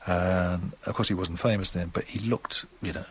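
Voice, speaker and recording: A man's voice: deep voice, fairly even intonation, normal speed, a little hiss or hum. A man in his sixties with a Geordie accent, a guest on a radio interview who tells long, rambling, chatty anecdotes. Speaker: guest musician.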